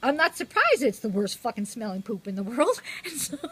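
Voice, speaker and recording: Brief: older woman, rambling foul-mouthed storyteller, lively swoops in pitch, noisy home recording. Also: a little fast. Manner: rambling, profane, laughing often. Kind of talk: casual anecdote.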